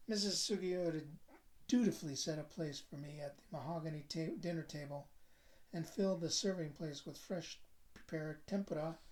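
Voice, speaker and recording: Man, author reading his novel, measured, reflective narration. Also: on the high side. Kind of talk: book reading.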